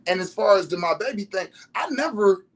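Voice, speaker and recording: A man's voice: high-pitched, brisk. Laid-back man telling stories. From Detroit, USA. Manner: relaxed, laughing, slangy, many restarts. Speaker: vlogger. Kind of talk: casual storytelling monologue.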